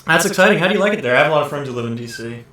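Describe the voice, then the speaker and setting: Bright-voiced man hosting a casual podcast. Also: on the high side, rapid-fire. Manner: deadpan joking, swears a lot. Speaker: podcast host.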